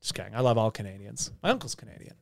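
A man's voice: lowish voice, big pitch swings, racing, vocal fry. A young man hosting a casual podcast, rambling through stories with a lot of swearing and a mock-official tone. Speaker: podcast host. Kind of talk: casual chat.

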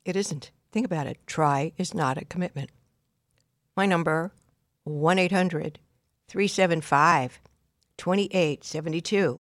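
A woman's voice: on the low side, measured pace, long pauses, dry recording, clean studio sound. An older woman hosting a call-in advice show, giving blunt, direct instructions in numbered steps. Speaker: radio advice host.

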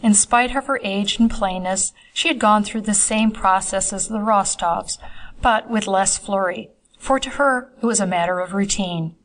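Measured woman audiobook narrator. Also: mid-range voice, low-quality recording. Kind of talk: scripted narration.

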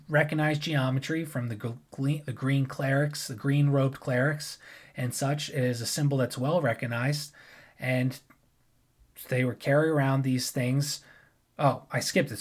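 Rambling casual man explaining history. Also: mid-range voice. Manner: rambling, loose, with frequent restarts and asides. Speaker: history presenter.

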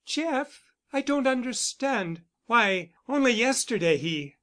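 A man's voice: very high voice, lively intonation, takes it slowly, fairly bright tone, pitched above the performer's own voice, full character voice. A man reading the part of a troubled young woman who sounds bitter and worn down, with a pleading way of speaking. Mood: uneasy. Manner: pleading, weary.

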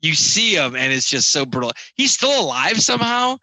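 Wry bright-voiced man, dry close sound. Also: a little high, big pitch swings, moderate pace, no echo, low-quality recording. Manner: wry, recaps scenes with dry asides. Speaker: podcast co-host. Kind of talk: casual movie chat.

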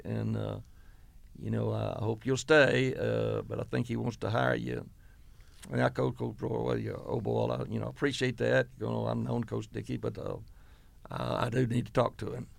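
A man's voice: medium pitch, gravelly, no echo. A man in his eighties, a retired football coach, telling long, meandering stories from his career in an oral history interview, full of fillers and quoted dialogue. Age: 80s.

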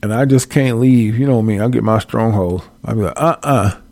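Reading verses and chatting straight to his viewers, a man leads a casual Bible study in a folksy, animated style. His lowish voice is gravelly with plenty of fry and a little fast, recorded close and dry with no echo.

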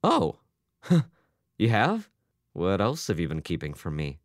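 A man's voice: medium pitch, very animated, normal speed, no room sound, clean studio sound, voice pushed up, lightly acted. A man reading a story voices a tired middle-aged father in a wry, worn tone. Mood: uneasy.

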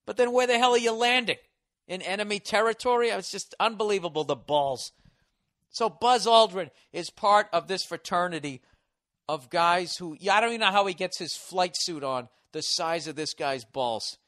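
A man's voice: high-pitched, lively intonation, normal speed, a bit bright. A man in his forties hosting a show, riffing through a profane comedic rant. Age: 40s.

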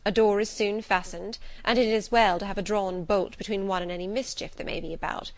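Woman reader doing a guarded middle-aged servant woman, cool, demure, measured, mid-pitched. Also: steady tone, no room sound, close to an everyday voice. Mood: composed.

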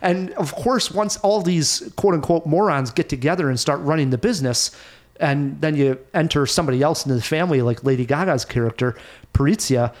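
A man hosting a casual film review podcast, animated and laughing often as he recounts scenes. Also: a little high, brisk. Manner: animated, laughs often, mimics actors' voices. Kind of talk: casual movie review chat.

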